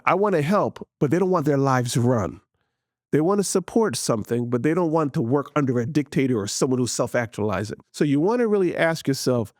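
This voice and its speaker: An earnest man lays out leadership lessons in a fairly high voice, leaning on key words and repeating them for stress. He sounds close to the mic, with almost no room around his voice. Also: dry recording. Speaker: podcast host. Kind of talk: motivational teaching talk.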